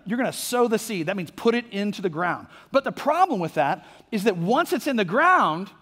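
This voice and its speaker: A pastor from Orlando delivers a sermon in a high, light man's voice. He keeps it conversational, full of little fillers and "right?" check-ins. His words ring out with a long reverb from the church hall. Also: fairly bright tone. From Orlando, Florida, USA. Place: church sanctuary.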